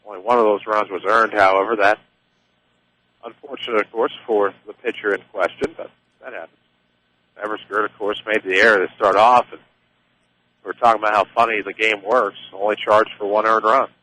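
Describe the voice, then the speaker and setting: A man calling play-by-play for a high school baseball game on local radio, easygoing and chatty. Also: fairly quick, low-quality recording. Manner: easygoing, chatty, excited on big plays. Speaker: play-by-play announcer.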